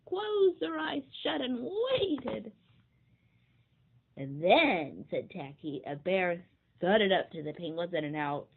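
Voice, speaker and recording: A woman reading a children's picture book aloud in an expressive way. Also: on the low side, slow, husky. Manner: expressive, sweeping storybook reading. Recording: tinny phone-like sound.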